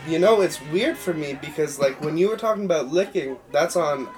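A man's voice: on the high side, lively intonation, fairly quick, a little mellow. A man hosting a podcast, chatting casually about music and rambling through stories, swearing now and then. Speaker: podcast host.

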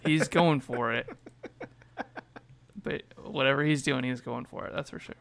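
Man, podcast co-host, gravelly fry, crisp resonant tone, loose and swears. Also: medium pitch, steady tone, normal speed, fairly bright tone. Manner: loose, swearing, filler-heavy. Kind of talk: casual podcast chat.

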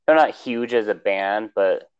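Laid-back low guy chatting about music, smooth voice, kinda dull lo-fi recording. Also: unhurried. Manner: laid-back, rambling, lots of fillers. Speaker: podcast co-host. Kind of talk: casual music chat.

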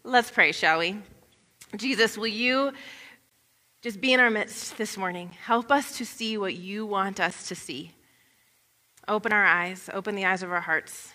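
Woman pastor, bright, forward voice, chatty sermon delivery, big reverberant hall. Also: mid-range voice, expressive, normal speed. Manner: chatty, informal asides with "like" and "you know". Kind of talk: conversational sermon. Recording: long reverb of a large hall.

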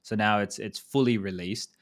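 Man, 30s, lower voice, podcast host, loose rambling gaming talk, casual swearing. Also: fairly even intonation, normal speed. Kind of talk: casual esports chat.

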